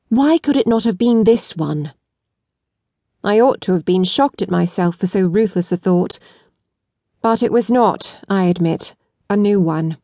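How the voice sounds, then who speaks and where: A woman narrating an audiobook with a measured, deliberate reading. Her voice sits at a middle pitch. The recording is dry and close, with no room sound. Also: a little mellow, no echo. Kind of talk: scripted narration.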